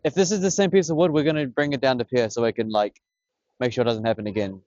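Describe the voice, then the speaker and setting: Excitable young man, dull dry audio. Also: medium pitch, quick pace, dry recording. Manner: excitable, swearing, slangy. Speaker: vlogger. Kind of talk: casual fishing vlog commentary. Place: outdoors on a beach by the water. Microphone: camera on a tripod.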